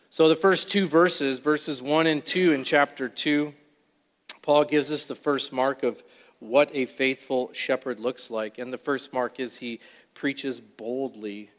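A man preaching an expository sermon, reading scripture aloud and then explaining it verse by verse with deliberate emphasis. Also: mid-range voice, steady tone. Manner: deliberate, emphatic Bible teaching. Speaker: pastor. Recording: long reverb of a large hall.

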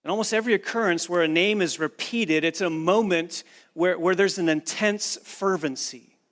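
A man's voice: sits high, normal speed, a bit bright. A man preaching a sermon in an earnest, emphatic way, driving points home with repeated phrases. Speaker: pastor.

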